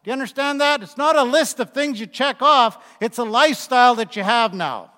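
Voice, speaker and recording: A man's voice: extremely high pitch, lively intonation, fairly quick, bright, forceful tone. A man in his sixties preaching a conversational sermon, telling folksy stories with asides to the congregation. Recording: long reverb of a large hall.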